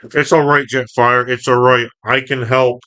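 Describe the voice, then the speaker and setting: A man voicing a calm, noble male robot leader in a measured tone while reading a comic book aloud. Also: mid-range voice, clean tone. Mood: grave.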